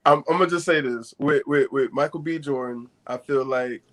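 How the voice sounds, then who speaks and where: A man's voice: mid-range voice, moderate pace, fairly bright tone. A man in a casual live-stream chat who stumbles into his points and laughs along.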